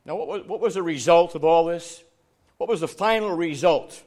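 Male evangelist, high-pitched voice; storytelling sermon that builds to emphatic, loud preaching. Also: normal speed. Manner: laughs while telling stories; acts out dialogue with rising voice.

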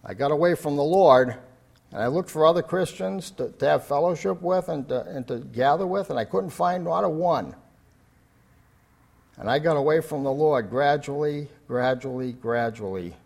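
An older man preaching an earnest sermon. His voice is fairly high for a man, and he repeats phrases, then climbs to loud, emphatic declarations. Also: animated, moderate pace, vocal fry, breathy edge.

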